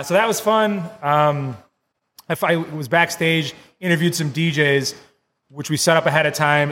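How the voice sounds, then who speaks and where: A man co-hosting a casual podcast, telling an animated story, laughing often and acting out what people said. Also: on the high side, big-room sound. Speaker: podcast co-host.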